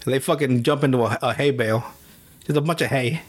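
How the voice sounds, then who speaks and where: A man's voice: mid-range voice, fast talker. A man hosting a podcast, casually recapping a cartoon with a lot of swearing and laughter. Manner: profane, laughing storyteller who recaps cartoons; animated, jumps into silly character voices. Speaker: podcast host. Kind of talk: casual chat.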